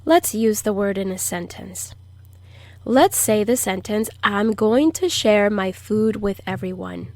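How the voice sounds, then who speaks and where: A woman teaching a language lesson, who says each word slowly and clearly for learners to repeat and explains pronunciation patiently. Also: mid-range voice, lively intonation, darkish tone, dry recording. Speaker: Spanish teacher. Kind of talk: slow, deliberate language lesson.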